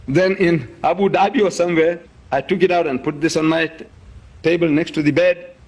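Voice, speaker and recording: A man's voice: on the high side, fairly even intonation, brisk, darkish tone, slightly rough. A man lecturing an audience in an emphatic way, showing objects and repeating key words. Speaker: debate speaker.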